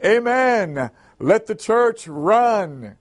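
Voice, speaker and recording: Man putting on a worked-up deacon hollering back high and slow. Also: very animated, heavily acted. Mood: excited. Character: excitable old male church deacon.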